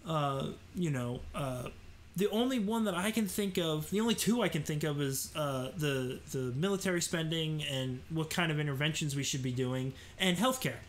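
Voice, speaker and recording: A man's voice: fairly high pitch, lively intonation, normal speed, slight background noise. A man hosting a live political commentary show, talking in an opinionated, rambling way with many fillers and restarts. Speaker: host.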